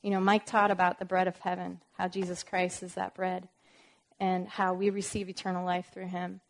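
A woman's voice: on the low side, monotone, normal speed, creaky. A woman giving an informal Bible teaching, reading verses aloud with emphasis and explaining them with casual, conversational asides. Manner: reads scripture aloud with emphasis.

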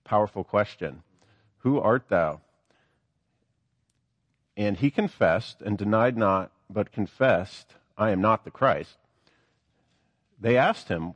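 A man's voice: fairly low pitch, a bit bright, dry recording, highs cut off. A man preaching a sermon, reading scripture aloud and then explaining it with earnest, rising emphasis.

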